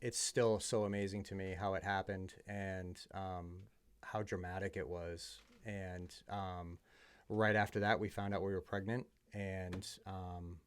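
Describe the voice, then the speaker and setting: A man with a fairly low voice speaks as a podcast guest. He tells his story in an earnest, heartfelt way, with plenty of um's and restarts. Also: level tone, a little slow, smooth. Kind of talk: personal testimony in conversation.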